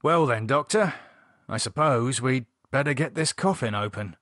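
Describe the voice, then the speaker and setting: Here is a blunt, sweary man with a dry wit, talking quickly and sardonically in a storybook horror scene, as a male reader puts him on. His voice sits at an ordinary middle pitch. The recording is close and dry, with no room sound. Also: expressive, a bit bright, no echo. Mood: sardonic. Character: edgy blunt man reviving a vampire.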